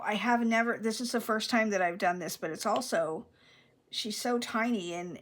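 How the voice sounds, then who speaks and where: A middle-aged woman, chatting casually while she crafts. She rambles with many restarts and drops into soft whispered asides. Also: medium pitch. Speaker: crafting vlogger.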